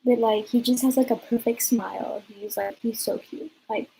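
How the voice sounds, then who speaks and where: A woman's voice: on the high side, moderate pace, creaky, a little hiss or hum, rough recording. A young woman in her twenties telling a personal story in a casual vlog, chatty and peppered with "like". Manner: chatty, peppered with "like", lively retelling. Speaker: vlogger.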